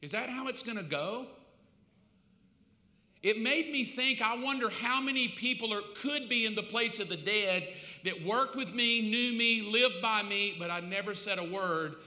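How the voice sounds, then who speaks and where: A man preaches a sermon in a church sanctuary, his bright, forceful voice ringing through a reverberant hall. He moves between hushed storytelling and loud, pleading outbursts. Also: high-pitched, unhurried. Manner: swings from quiet storytelling to loud acted pleading. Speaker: pastor. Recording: echoey hall.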